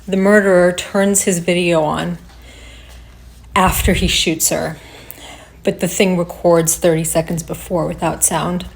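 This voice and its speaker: A woman giving unscripted reaction commentary, agitated and swearing, shaken and halting as she talks. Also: fairly low pitch, little pitch movement, gravelly. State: shaking with upset. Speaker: reaction video creator.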